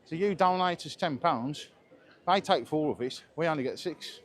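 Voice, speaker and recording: Man, fairly high voice, chatty walking vlog, outdoor street, handheld camera. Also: lively intonation, moderate pace. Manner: chatty, enthusiastic tour commentary. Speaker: travel vlogger. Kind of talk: walking live-stream vlog. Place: outdoors on busy resort streets. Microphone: handheld camera while walking.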